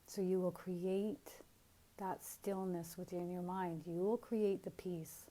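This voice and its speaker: A woman giving a spiritual teaching talk, speaking in a calm, earnest and encouraging way. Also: on the low side, slow.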